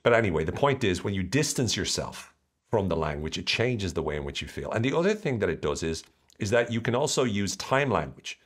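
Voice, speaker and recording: A man hosts a motivational podcast in a fairly low voice. His pitch rises and falls a lot. He talks playfully and keeps slipping into little acted-out voices. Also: fairly quick. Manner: animated, playful, acts out voices. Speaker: podcast host.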